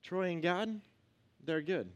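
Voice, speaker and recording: A man's voice: high voice, takes it slowly. A young man preaching a casual, joking sermon in a church, talking to his congregation like friends and acting out little quotes. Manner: joking, conversational, acts out quotes. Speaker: pastor.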